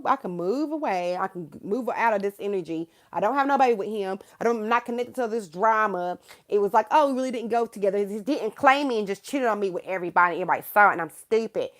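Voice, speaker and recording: A woman's voice: medium pitch, animated, fast talker, hardly any pauses, a bit bright. A woman in her thirties giving a live tarot reading, talking frankly and laughing often as she calls the viewer girl. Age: 30s. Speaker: tarot reader.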